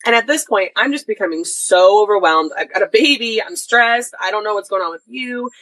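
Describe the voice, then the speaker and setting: A woman's voice: medium pitch, fairly quick, dry recording, rough recording. A young adult woman co-hosting a podcast, telling a family story in casual chat and acting out what people said. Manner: animated retelling, acts out quoted voices. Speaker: podcast co-host, daughter.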